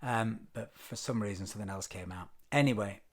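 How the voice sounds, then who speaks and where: A man's voice: lowish voice, brisk. A British man vlogging, telling a travel story casually with frequent ums and wry self-deprecating asides. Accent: British English. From Britain.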